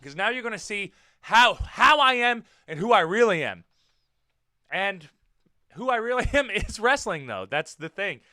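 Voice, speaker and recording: Animated, forceful man with a smooth voice. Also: high voice, measured pace, no room sound, studio quality. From United States. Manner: animated and blunt, swears, repeats himself for emphasis. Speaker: podcast host and professional wrestler. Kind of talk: casual wrestling commentary podcast.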